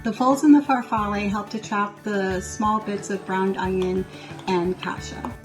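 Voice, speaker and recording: A woman from the United States, a guest contributor, shares a family recipe in a friendly, clear recorded message read from a script. Her medium-pitched voice is steady and unhurried, with faint music behind it and poor audio quality.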